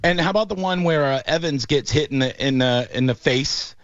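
A man hosting casual sports talk, animated and quick to mock what he retells. The sound is slightly dull and muffled, with a dry, close feel and no room echo. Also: mid-range voice. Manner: animated storyteller, mocking voices in quotes. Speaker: podcast host.

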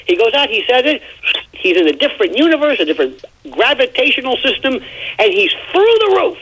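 A man on a radio talk show giving his opinions in an emphatic, rambling, animated way. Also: very high-pitched, fairly quick, breathy edge, poor audio. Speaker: radio commentator.

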